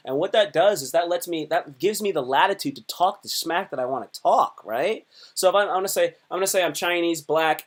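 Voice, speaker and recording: This man is a comedian chatting loosely on a live stream, looping back over the same points while his volume swings between shouts and mumbles. He keeps dropping into brief mock voices.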